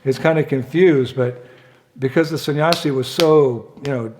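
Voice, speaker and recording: A man's voice: medium pitch, normal speed, darkish tone, a little hiss or hum. A man giving a sermon at a temple, telling a story with humor and asides. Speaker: temple speaker.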